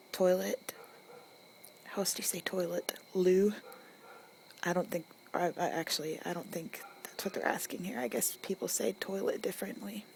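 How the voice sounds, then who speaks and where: A young woman with an Arkansas accent in a whispered ASMR accent tag, chewing gum and musing softly, recorded outdoors at night on a phone mic. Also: mid-range voice, vocal fry, slight background noise. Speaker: ASMR creator. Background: distant cars and crickets.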